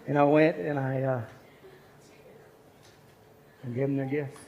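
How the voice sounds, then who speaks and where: A man's voice: mid-range voice, little pitch movement, moderate pace, pauses often, a little mellow, a little hiss or hum. A man speaking at a chapel service, telling a personal story in an earnest, conversational sermon.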